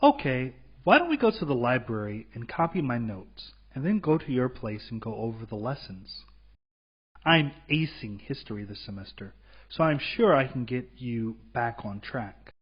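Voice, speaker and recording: A man voices an upbeat, helpful student in a scripted textbook dialog. His pitch swings lively and his voice is a bit husky. The sound is muffled and lo-fi. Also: moderate pace. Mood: friendly. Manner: upbeat, eager to help. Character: friendly helpful male college student. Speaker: dialog actor. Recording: muffled lo-fi studio recording.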